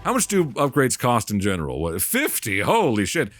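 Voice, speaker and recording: A man's voice: medium pitch, huge pitch swings, normal speed, fairly bright tone, soft background music. A man commenting casually on a game, joking sarcastically and reading on-screen prompts aloud. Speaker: let's play gamer.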